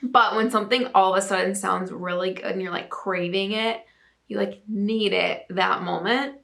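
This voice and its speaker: Chatty young woman with vocal fry. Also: mid-range voice, steady tone, normal speed, a bit bright. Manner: chatty, bubbly, many "like" fillers. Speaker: host reading viewer submissions. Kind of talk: casual chat and reading aloud.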